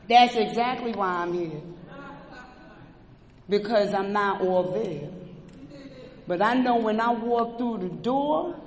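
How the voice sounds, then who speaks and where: A person sharing a personal recovery testimony at an indoor meeting, talking with passion and swinging between quiet and shouting. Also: medium pitch. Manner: impassioned, swings from soft to shouting. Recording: roomy echo with long hall reverb.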